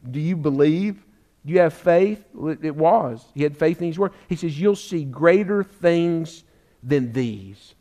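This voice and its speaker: A male pastor delivers a sermon in a fairly high voice. He preaches fervently, repeating words for emphasis and calling listeners friend, and eases into a relaxed, filler-filled storytelling mode.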